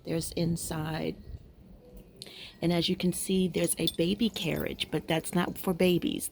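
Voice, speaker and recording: Woman vlogger, low gravelly voice, rambling casual chat, faint outdoor air behind her. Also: fairly even intonation, takes it slowly, darkish tone, slight background noise. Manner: rambling, musing, frequent fillers. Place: outdoors at home.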